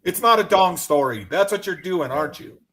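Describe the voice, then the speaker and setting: Midwestern male co-host, light higher voice, joking banter. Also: expressive, a little fast, fairly bright tone. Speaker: podcast co-host. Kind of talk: casual comedy podcast banter.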